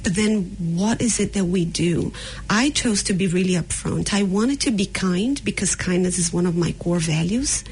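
A woman's voice: fairly low pitch, moderate pace, slightly rough, rough recording. A woman with a Brazilian accent, speaking bluntly and frankly as a podcast guest in a candid conversation. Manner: blunt and frank, mixing in sharp retorts.

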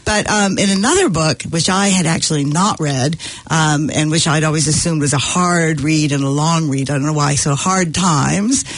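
Casting: husky, slightly high man, hesitant book-chat guest, dry close mic. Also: normal speed, fairly bright tone, no echo. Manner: hesitant, many ums, laughs often. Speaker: guest reading from a novel. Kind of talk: casual literary chat.

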